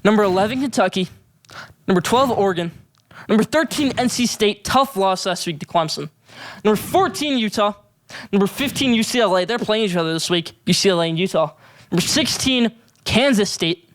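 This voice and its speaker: A man's voice: high-pitched, lively intonation, a little fast, a bit bright, no room sound. A young man hosting a solo sports show, giving emphatic, opinionated hot takes and rankings. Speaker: sports podcast host.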